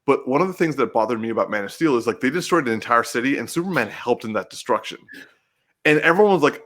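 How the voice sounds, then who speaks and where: A man co-hosts a casual podcast, talking with real excitement and emotion. His pitch swings widely as he gets worked up, and he trips over restarts and swears freely. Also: fast. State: getting teary-eyed. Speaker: podcast co-host.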